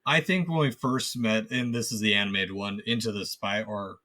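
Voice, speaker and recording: A man's voice: on the low side, normal speed. Jokey man co-hosting a podcast. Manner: animated, jokey, rambling restarts. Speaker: podcast co-host. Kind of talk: casual chat.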